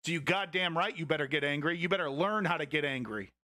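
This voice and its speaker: A man's voice: on the high side, quick pace, sharp tone, dry recording, clean studio sound. A young man hosting a live political news stream, talking to his chat in a blunt, profane, confrontational way.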